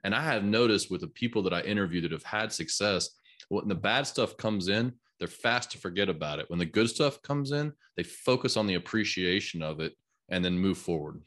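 A man hosting a podcast, his voice very low. He talks casually and tells stories, laughing easily along the way. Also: animated, brisk, fairly bright tone. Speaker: podcast host. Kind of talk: conversational podcast interview.

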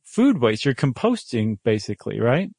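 A man co-hosting a podcast in casual, playful chat, joking and animated. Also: medium pitch, moderate pace, gravelly, slightly rough, no echo, studio quality. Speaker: podcast co-host.

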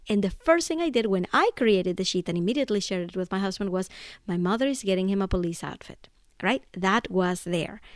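Woman podcast host, 30s, chatty solo storyteller, mid pitch, dry close sound. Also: dry recording. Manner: chatty storyteller, keeps asking "right?". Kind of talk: casual solo monologue.

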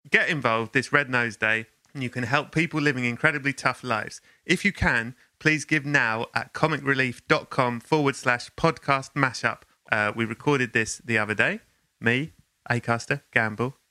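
Deadpan male podcast host, bright tone. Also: mid-range voice, no room sound. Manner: deadpan, mock-grandiose. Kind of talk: comic podcast chat.

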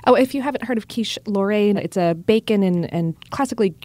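A woman's voice: medium pitch, fairly quick, dark tone, no room sound. A woman co-hosting a casual podcast, chatty and folksy, often restarting her sentences. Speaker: podcast co-host. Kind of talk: casual chat.

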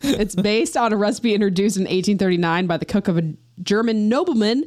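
A woman's voice: mid-range voice, a little fast, a little mellow, dry recording. Playful woman podcast host, dry sound. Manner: playful, reads facts aloud with jokey asides. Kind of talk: casual podcast chat.

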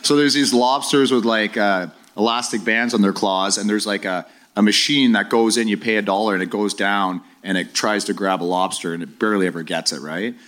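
Animated man telling a hockey story. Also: on the low side, fairly quick, hardly any pauses. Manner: animated storyteller, acts out voices of teammates. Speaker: former hockey player guest. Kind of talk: live podcast storytelling.

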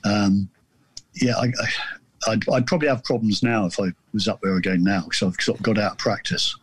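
A man from southern England, a guest author telling a story in casual chat, rambling and self-deprecating with halting restarts. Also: fairly low pitch, fairly even intonation, a little hiss or hum.

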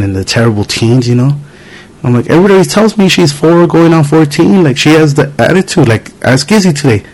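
A young adult man hosting a podcast, chatting casually and telling animated stories about his young daughter. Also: medium pitch, low-quality recording. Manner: animated storytelling, acts out his daughter's lines. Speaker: podcast host. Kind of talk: casual chat.

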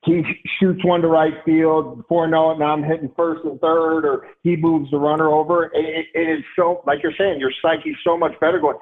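A man's voice: fairly high pitch, flat delivery, a little fast, hardly any pauses. Middle-aged male guest on a tinny line. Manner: rambling, many fillers and restarts. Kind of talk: casual chat.

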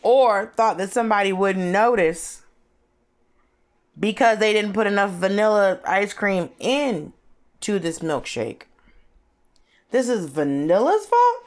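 A woman co-hosting a comedy podcast, arguing in a brash, animated way and swearing freely. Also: medium pitch, slow, pauses often. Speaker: podcast co-host. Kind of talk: casual comedic debate.

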